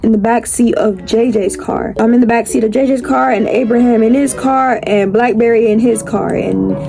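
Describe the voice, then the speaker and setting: A young adult woman telling a storytime vlog story, animated, exclaiming and swearing freely. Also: on the high side, normal speed, gravelly. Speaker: vlogger. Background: background music.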